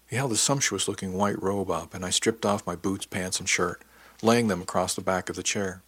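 A man giving a measured, introspective first-person audiobook narration. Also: deep voice, a bit bright, breathy edge, dry recording.

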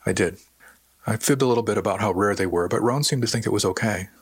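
A man voicing a gentle, wounded woman who speaks softly and hesitantly in an audiobook. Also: lowish voice, quick pace, breathy edge, no echo, studio quality. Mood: subdued. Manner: soft, hesitant, quietly defensive. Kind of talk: audiobook character voice.

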